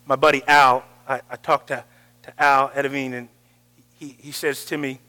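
A man preaching a sermon, swinging from loud calls to near-whispers. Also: mid-range voice, flat delivery, normal speed, in a large hall.

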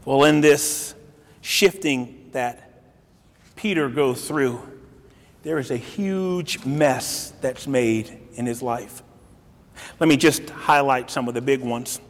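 A man preaching a sermon in a dramatic way, swinging between soft and loud and acting out the quotes he reads. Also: medium pitch, slow. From grew up in a city. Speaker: pastor. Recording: long reverb of a large hall.

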